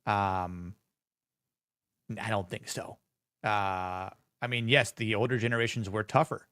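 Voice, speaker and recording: A man's voice: on the low side, fairly even intonation, unhurried, a bit bright, smooth, no room sound, clean studio sound. A man in his forties hosting a live podcast, talking casually with many fillers and sarcastic asides. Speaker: podcast host. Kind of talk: casual live-stream commentary.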